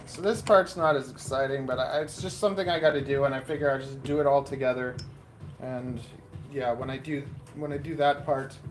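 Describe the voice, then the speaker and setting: A man's voice: fairly high pitch, slight background noise. A man hosting a casual live stream, rambling and muttering to himself while he sets up equipment indoors. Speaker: livestream host.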